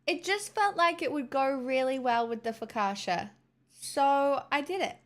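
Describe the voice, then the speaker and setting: A woman's voice: sits high, measured pace, fairly bright tone. An Australian woman vlogging in a casual, chatty way, swearing freely and breaking into mock-dramatic outbursts. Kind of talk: casual chat to camera.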